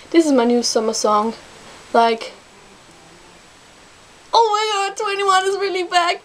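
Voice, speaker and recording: A young woman reacting to a music video, gushing and gasping, with excited exclamations again and again. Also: sits high, slow, pauses often. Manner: gushing, gasping, repeats oh my god. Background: music playing.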